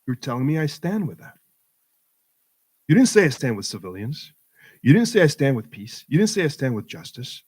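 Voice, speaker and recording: A middle-aged man giving an impassioned talk to a community audience at a mosque event, building his points through emphatic rhetorical repetition. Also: mid-range voice. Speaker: guest speaker at community program.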